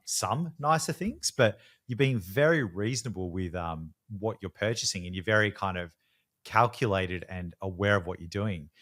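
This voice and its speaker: Easygoing man, lowish voice. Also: a bit bright. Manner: reflective, joking, swears for emphasis. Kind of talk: casual chat.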